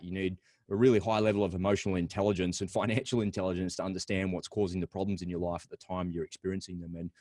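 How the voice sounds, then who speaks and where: A man's voice: deep voice, darkish tone, no room sound. Australian man telling his story, dry close sound. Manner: rambling, repeats words, candid. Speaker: podcast guest. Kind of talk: reflective interview storytelling.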